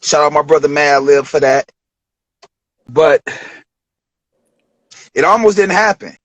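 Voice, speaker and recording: A man telling a studio story as an interview guest, animated, acting out quotes with big jumps in pitch. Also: takes it slowly, no room sound, lo-fi sound. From Detroit.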